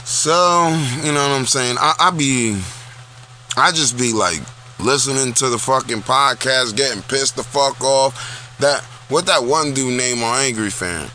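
A man's voice: medium pitch, measured pace, bright, forceful tone, slight background noise. A man ranting bluntly and profanely to his camera, repeating himself for emphasis. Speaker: vlog host. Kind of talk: casual profane rant. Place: small town.

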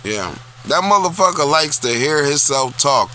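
Forceful, foul-mouthed ranting man. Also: a little high, animated, a little slow, a little hiss or hum. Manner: blunt, profane, repetitive ranting. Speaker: vlog host. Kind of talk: casual profane rant. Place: small town.

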